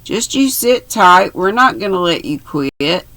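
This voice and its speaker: A woman's voice: medium pitch, lively intonation, a little slow, a bit bright, no room sound. A woman voicing a brash, slangy young American man reading from a novel. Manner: slangy, breezy.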